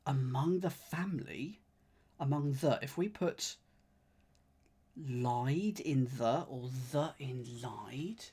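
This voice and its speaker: Male puzzle streamer, slight lisp, slow and musing, sighs and half-finished sentences. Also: medium pitch, dark tone, husky. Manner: muttering, sighing, trailing off while puzzling. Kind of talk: thinking aloud while solving a crossword.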